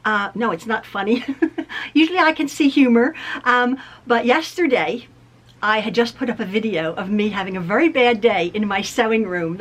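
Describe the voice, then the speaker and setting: A middle-aged woman speaks straight to her viewers in a casual vlog. Her voice sits a little high, and she circles back on her words with ums and small laughs as she tells a personal story. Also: a bit bright. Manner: chatty, laughs at herself, many ums and restarts. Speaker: quilting vlogger.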